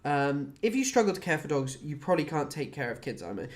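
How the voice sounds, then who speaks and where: A woman's voice: sits low, very animated, quick pace, hardly any pauses. A woman from the UK chatting casually on a livestream, rambling, swearing and often restarting her sentences. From United Kingdom. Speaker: streamer.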